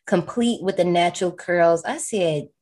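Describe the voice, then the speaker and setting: A woman's voice: on the low side, normal speed, darkish tone. A woman co-hosting a podcast, recapping a horror film in a casual, slangy way and laughing often. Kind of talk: casual chat.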